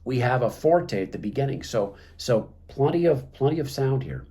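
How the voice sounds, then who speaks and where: A man's voice: mid-range voice, expressive, moderate pace, mellow. A man teaching clarinet technique, talking through the music with many fillers and restarts. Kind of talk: instructional talk.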